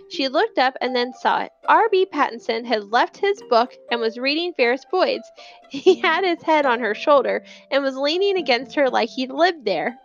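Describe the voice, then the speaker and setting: A woman narrating a children's novel in a lively storytelling manner, putting on voices for the characters. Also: sits high, gravelly, highs cut off. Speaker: audiobook narrator.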